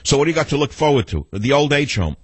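A man's voice: medium pitch, sing-song, fast talker, slightly rough, no room sound. A middle-aged man hosting a talk radio show, combative and sardonic, rambling between arguing with callers and monologue.

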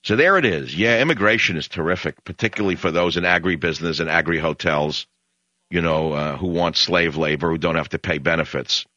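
Low, forceful sarcastic radio talk host man. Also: a little fast, no room sound. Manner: combative, sarcastic ranting. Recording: dull lo-fi radio broadcast.

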